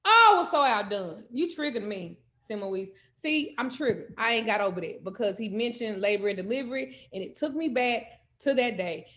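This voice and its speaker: A woman telling a comedic story in animated, loud, profane style. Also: fairly high pitch, moderate pace, few pauses. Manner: animated, loud, cursing freely. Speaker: host.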